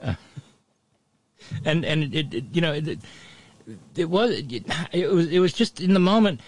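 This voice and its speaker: A man's voice: on the high side, animated, a little slow, a little mellow, dry recording. Wry male radio host, dry sound. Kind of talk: casual radio talk.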